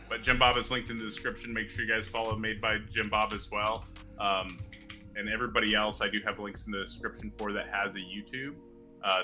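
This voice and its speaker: A man's voice: lowish voice, pushed and bright. A man hosting a debate livestream, talking casually with many fillers and restarts. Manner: halting, filler-heavy, repeats words. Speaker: stream host and moderator.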